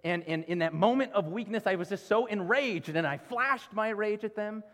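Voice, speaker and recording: A man's voice: high voice, animated, moderate pace, a bit bright. Male pastor preaching in an echoing hall. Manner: earnest, pleading rhetorical questions. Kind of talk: sermon. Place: church sanctuary. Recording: reverberant church hall.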